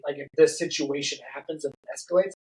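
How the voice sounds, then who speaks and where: A middle-aged podcast guest casually tells a story, laughing and acting out what people said in an animated way. His voice is a little high and fast, and the audio is poor.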